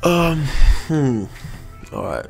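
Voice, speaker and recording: A man's voice: fairly high pitch, sing-song, drawn-out words, vocal fry, soft background music. A man with an African accent hosting a casual podcast chat, rambling and repeating his phrases. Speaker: podcast host.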